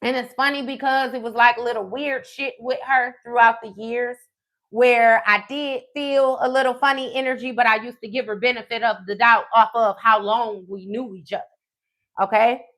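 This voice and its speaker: Animated woman telling a story. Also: on the high side, moderate pace. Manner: animated, profane, frequent "okay?" check-ins. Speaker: tarot reader. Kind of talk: casual live storytelling.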